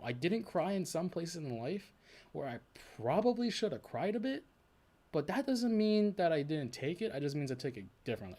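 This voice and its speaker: A young man streams solo as a VTuber, chatting casually. He rambles and thinks aloud, correcting himself and restarting often, swinging between low mumbles and sudden bursts of high, animated emphasis.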